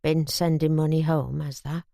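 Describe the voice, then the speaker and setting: A woman voicing a gruff, drunk older man with a broad Yorkshire accent who mutters his words. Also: low voice, level tone, normal speed, mellow, dry recording, studio quality, pitched below the performer's own voice. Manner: muttering, thickened broad speech.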